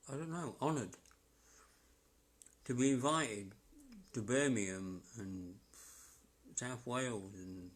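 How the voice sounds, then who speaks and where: A man working as a psychic medium, chatting casually on a live stream in a rambling, halting way and chuckling to himself. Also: medium pitch, a bit bright.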